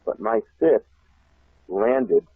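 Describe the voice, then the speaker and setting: A man's voice: medium pitch, drawn-out words, vocal fry, slightly rough, no echo. A man telling a long personal story as a guest in an interview, chuckling often and circling back on himself. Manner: laughs often, repeats himself, animated. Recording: tinny phone line, dry.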